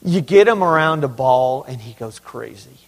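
A man's voice: medium pitch, expressive, moderate pace, long reverb tail, poor audio. A man preaching a sermon as pastor, emphatic and conversational, with humorous asides to his congregation. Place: church sanctuary.

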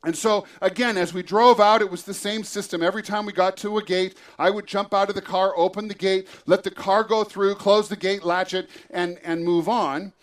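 A man, a pastor, telling a lively personal story in a church sermon and acting out the scene. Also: high-pitched, normal speed, few pauses.

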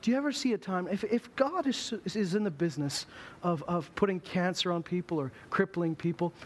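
A man's voice: high-pitched, brisk. A man preaching a sermon in a church, telling stories with humor and acting out voices. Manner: humorous storytelling, acts out voices. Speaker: pastor.

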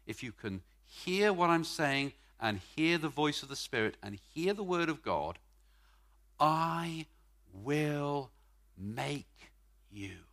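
Animated preacher. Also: male voice, fairly high pitch. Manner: emphatic, stretches key words, swings from loud to quiet. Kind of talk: sermon. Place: church service.

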